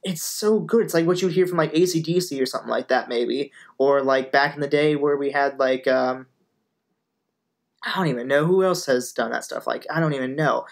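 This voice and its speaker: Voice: medium pitch, a little fast. A music producer giving casual, gushing reaction commentary to a music video, bursting into exclamations and rambling between them.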